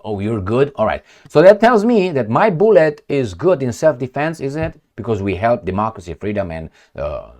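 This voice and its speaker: A man's voice: mid-range voice, a little mellow. A man hosting a casual news commentary, sarcastic, crude and mocking as he reads and reacts to headlines.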